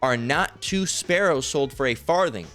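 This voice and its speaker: A man giving informal online Bible teaching, rambling and profane, repeatedly asking "all right?" and slowly reading verses aloud. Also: mid-range voice, expressive, fairly bright tone, soft background music. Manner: reads scripture aloud slowly.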